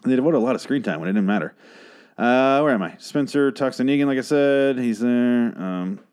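A man's voice: medium pitch, animated, fairly quick, a little mellow, smooth. A man losing his voice, rambling through a casual, profane and sarcastic recap of a TV episode as a podcast host.

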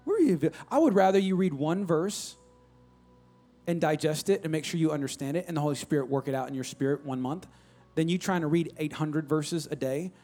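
High-voiced animated man preaching. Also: brisk, soft background music. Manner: animated, swings between loud calls and soft near-whispers, audience prompts. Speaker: pastor. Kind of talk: sermon.

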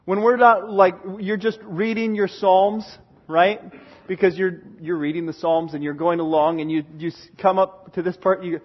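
A man's voice: steady tone, normal speed, lo-fi sound. A man preaching a sermon, giving earnest expository Bible teaching and voicing God's words with strong emphasis. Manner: earnest, emphatic, paraphrasing God in a booming voice.

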